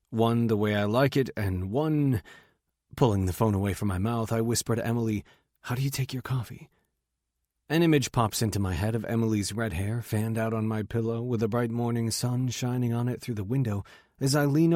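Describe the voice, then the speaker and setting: A man's voice: lowish voice, a little mellow, no room sound, studio quality. A man reading a romance audiobook as a first-person narrator with an intimate, wry inner monologue.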